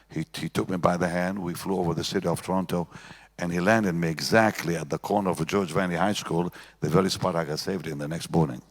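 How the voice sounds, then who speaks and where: An older man with a very low voice tells his testimony, retelling each moment with repeats and restarts. A gravelly edge runs under his speech. The sound carries a long reverb, as if he is in a big hall. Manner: storytelling with repeated phrases and restarts. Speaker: pastor, guest answering questions. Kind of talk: personal testimony in conversation.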